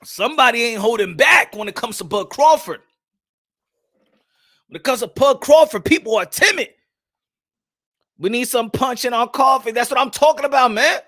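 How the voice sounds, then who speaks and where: On a live-streamed boxing morning show, a young host with a very high voice keeps the energy up, hyped and shouting at a normal speed. He mixes in street slang and Spanish phrases.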